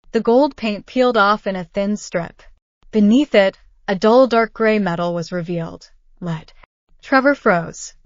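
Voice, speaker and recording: A woman's voice: mid-range voice, no room sound. Woman reading a dramatic story, dry and dull. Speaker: narrator. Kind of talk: first-person story narration.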